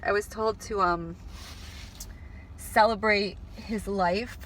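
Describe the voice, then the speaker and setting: Vlogger, woman, bright tone, earnest and halting, faint background hum. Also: medium pitch, fairly even intonation. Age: adult, married. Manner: earnest, emotional, halting with restarts. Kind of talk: spiritual vlog monologue. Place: before going to work.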